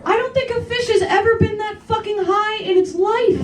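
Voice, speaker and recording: A woman's voice: extremely high pitch, normal speed, far from the mic. A woman doing a stand-up comedy set in a bar, telling an indignant, profane story. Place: kava bar comedy night, indoors. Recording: echoey bar audio from afar, faint hum.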